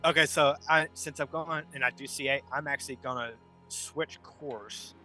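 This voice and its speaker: A man's voice: medium pitch, normal speed, sharp tone, faint music behind. A man playing a rogue in a tabletop game, talking through his moves step by step. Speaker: player. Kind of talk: casual tabletop game play.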